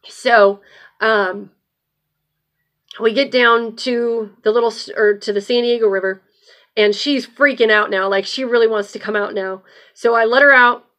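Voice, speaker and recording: A woman hosting her own show, telling a personal story in a loose, animated way and swearing freely. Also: a little high. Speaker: host. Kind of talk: casual storytelling.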